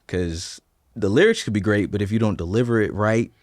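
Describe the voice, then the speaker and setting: Deep-voiced young man with a slight Southern drawl. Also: brisk, no echo, studio quality. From Delaware, USA. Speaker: musician guest. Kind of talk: casual interview answers.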